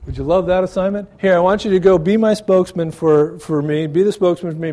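A man preaching to a congregation in a church, his voice sitting a little higher than most men's. He talks in a loose, conversational way, asking rhetorical questions and tossing in asides as he goes. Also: brisk, dark tone. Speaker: pastor. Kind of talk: sermon.

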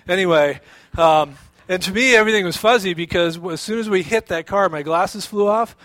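A man preaching a sermon as pastor, telling a personal story in an animated way with many restarts and fillers. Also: high voice, fairly quick, no echo.

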